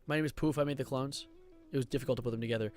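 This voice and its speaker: A man voicing a solemn male alien Jedi in a flat, mock-serious, low-key way during a casual stream. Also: very fast, soft background music, natural voice.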